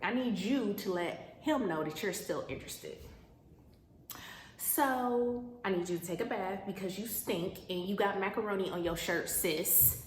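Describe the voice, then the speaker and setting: A woman's voice: mid-range voice, a little slow, slight background noise, natural voice. A woman voicing Naomi, a bossy older woman who scolds and schemes in blunt, sassy talk, recorded with a roomy echo.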